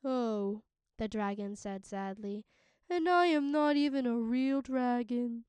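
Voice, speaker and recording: A woman voicing a gentle, eager young dragon born from a painting, in a storybook read-aloud. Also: sits high, animated, unhurried, clean tone, no echo. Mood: sad. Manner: earnest, eager.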